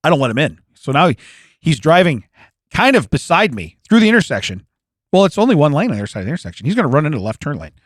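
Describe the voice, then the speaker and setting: A man's voice: on the high side, big pitch swings, rapid-fire, dry recording, studio quality. A man in his forties, a podcast co-host, telling stories in casual chat, laughing often and acting out the quotes.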